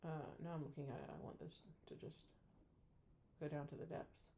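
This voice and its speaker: A woman's voice: deep voice, sing-song, normal speed, vocal fry, warm tone, slight background noise. A woman trader going over her own week of trades, scolding herself bluntly in a frustrated tone and swearing casually. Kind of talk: casual weekly trade review.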